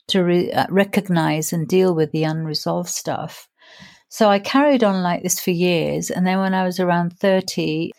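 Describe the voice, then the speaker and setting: A woman in her sixties, a grief coach telling her own story in an interview, reflective and earnest, slowing down to stress key points. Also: fairly low pitch, gravelly, darkish tone. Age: 60s. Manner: reflective, earnest, slows down for emphasis.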